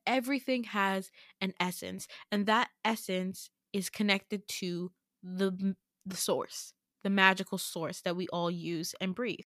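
A woman voicing an intense, serious young male student who explains things urgently and with exasperation, in a low hushed tone. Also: no room sound, studio quality, natural voice.

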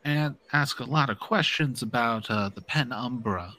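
A man's voice: mid-range voice, normal speed, sharp tone, lightly acted. A man playing a fussy, image-minded male program director who talks in hesitant, bureaucratic phrases. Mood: businesslike. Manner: bureaucratic, hesitant, filler-heavy.

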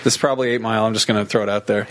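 A man's voice: fairly low pitch, fairly even intonation, very fast, a bit bright. A man co-hosting a casual comedy podcast, trading wry jokes. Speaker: podcast co-host.

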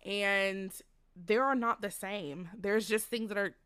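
Bright-voiced young woman, earnest and candid. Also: medium pitch, takes it slowly, clear, resonant tone, no echo. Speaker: podcast host. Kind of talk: personal faith podcast monologue. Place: at home during a storm.

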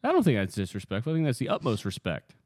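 A man's voice: mid-range voice, huge pitch swings, rapid-fire, darkish tone, breathy edge, dry recording, clean studio sound. A man co-hosting a podcast, chatting casually and making jokes, often laughing as he talks. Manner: loose, joking, laughs often. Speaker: podcast co-host. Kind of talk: casual comedic chat.

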